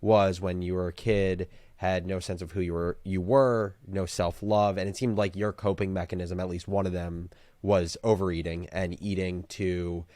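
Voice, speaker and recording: A man hosting an interview, calmly summarizing and posing questions. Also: low-pitched, normal speed, no room sound. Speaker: podcast host. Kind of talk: interview conversation.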